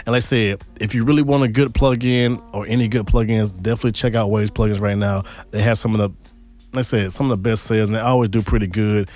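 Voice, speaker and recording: A hoarse man, still recovering from being sick, casually talking through deals in a laid-back, slangy vlog. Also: fairly low pitch, fairly even intonation, fast talker, darkish tone, soft background music. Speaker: music production YouTuber.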